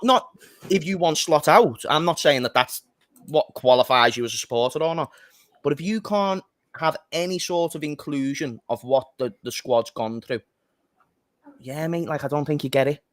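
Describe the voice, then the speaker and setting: A fired-up man holds forth on football and swears without a second thought. His voice sits fairly high, and the sound is dry and close with little room echo. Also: a bit bright. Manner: passionate, ranting, swears freely. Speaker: fan channel co-host. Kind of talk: heated football fan chat.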